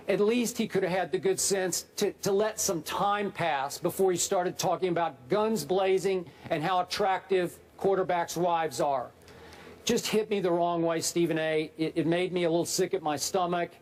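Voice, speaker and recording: A man co-hosting a sports debate show in a TV studio, sounding indignant and exasperated. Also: high-pitched.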